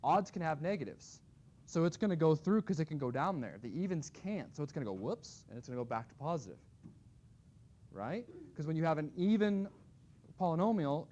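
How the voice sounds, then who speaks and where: A man's voice: a little high, a little mellow, highs cut off, slight background noise. A man teaching a math class, talking casually and thinking aloud as he graphs. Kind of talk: classroom lecture.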